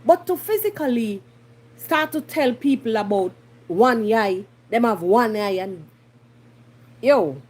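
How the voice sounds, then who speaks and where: Jamaican woman host, husky higher voice, lively and blunt, drifts into patois. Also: slow pace, long pauses. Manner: animated, blunt, slipping into patois. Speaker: podcast host. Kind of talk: casual commentary monologue.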